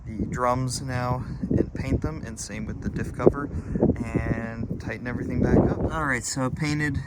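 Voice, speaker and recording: A man's voice: medium pitch, steady tone, a little slow. A man casually narrating his own do-it-yourself car work, rambling and thinking aloud with fillers. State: out of breath at times. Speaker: DIY car vlogger. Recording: loud background noise.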